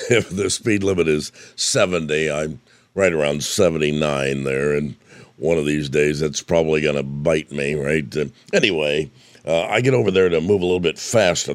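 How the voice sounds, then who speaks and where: Folksy older man with a deep voice. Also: no echo. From Indiana, US. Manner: folksy, storytelling. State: losing his voice. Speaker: radio preacher. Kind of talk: devotional talk.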